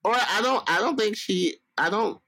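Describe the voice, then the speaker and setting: A man's voice: high-pitched, normal speed, creaky, bright, forceful tone, no echo, rough recording. A man from Alabama, a guest in a casual interview, talking in a playful, profane, rambling way.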